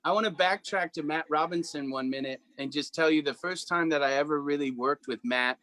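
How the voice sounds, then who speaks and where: A man's voice: fairly high pitch, dry recording. A man, a guest musician, chatting casually and telling stories with acted-out quotes. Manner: animated storyteller, acts out quotes. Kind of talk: casual chat.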